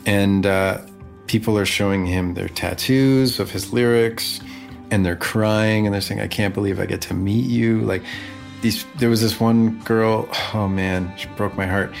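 Musician guy chatting, low voice, bit of rasp, talks fast w lots of likes. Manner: animated, talks fast with many fillers and restarts. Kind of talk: casual conversational storytelling.

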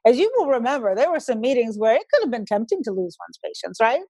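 An older woman, a guest in an interview, speaking in a measured, storytelling way. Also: a little high, sing-song, warm tone, no room sound. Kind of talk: conversational interview.

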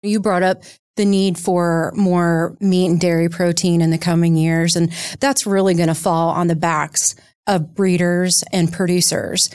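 A woman, a startup founder, answering questions in an interview in a lively, explanatory, conversational way. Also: lowish voice, a little slow, smooth, no room sound, clean studio sound. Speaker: guest, startup co-founder and CEO.

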